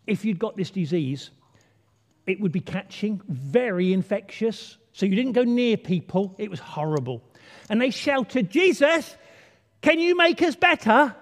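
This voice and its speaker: A man's voice: high-pitched, darkish tone. A man leading an all-age church talk, playful and chatty, drawing the congregation in. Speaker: church leader. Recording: long hall reverb.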